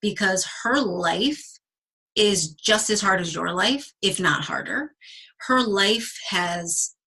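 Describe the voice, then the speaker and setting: A woman's voice: medium pitch, expressive, bright, forceful tone, slightly rough, rough recording. A woman guest speaker giving a motivational talk to a coaching team, enthusiastic and chatty, drawing out words for emphasis. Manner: enthusiastic and emphatic, slowing down to stress key words; casual and chatty, with many restarts.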